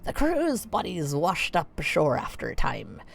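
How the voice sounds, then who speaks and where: Streamer doing a curt old sea dog captain, gravelly, lively rise and fall, salty slang. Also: female voice, low voice, measured pace, faint music behind, full character voice. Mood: gruff, guarded. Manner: salty sailor slang, drawling.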